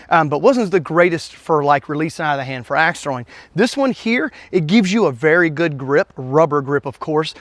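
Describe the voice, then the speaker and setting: A man's voice: a little high, fairly bright tone, no room sound. A man hosting his own channel, giving a casual, enthusiastic hands-on review in a folksy, chatty way. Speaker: gear reviewer, channel host.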